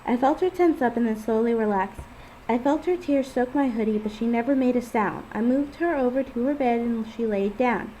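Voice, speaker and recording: A woman's voice: on the high side, moderate pace, dark tone, dull audio, a little hiss or hum. A woman casually reading her own first-person story aloud. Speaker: fan fiction author and reader.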